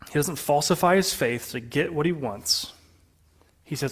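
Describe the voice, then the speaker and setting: A man with a slightly high voice delivers a sermon as a pastor. He speaks earnestly to the congregation, often dropping soft and low to press a point home. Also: a little slow, slightly rough.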